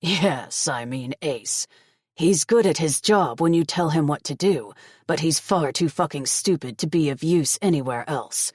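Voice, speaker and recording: Woman doing a cruel older man, crime boss, gruff, sneering, low voice, audiobook. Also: animated, a little mellow, dry recording, studio quality, full character voice. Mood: menacing. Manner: slow, gruff and contemptuous.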